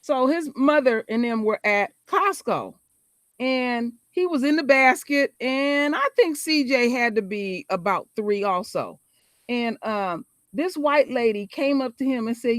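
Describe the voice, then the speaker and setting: Middle-aged woman, high-pitched, talkative, quick reactions. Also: lively intonation, fairly bright tone, dry recording, clean studio sound. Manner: exclaiming, chatty, quick asides. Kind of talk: casual chat.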